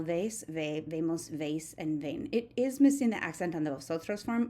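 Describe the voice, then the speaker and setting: A woman, a teacher giving a steady, methodical recorded grammar lesson and reciting verb forms one by one. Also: lowish voice. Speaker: Spanish teacher.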